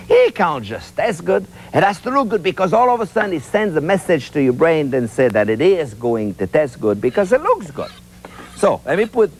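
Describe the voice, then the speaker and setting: Animated TV chef. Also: male voice, a little high, slight background noise. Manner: chatty, enthusiastic, repeats words for emphasis. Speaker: TV cooking show host. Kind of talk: cooking demonstration. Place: TV studio kitchen.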